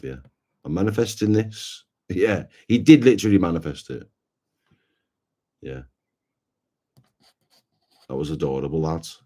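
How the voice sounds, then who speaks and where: A man hosting a live stream, chatting casually and in a low-key way with his viewers. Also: dark tone. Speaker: streamer host.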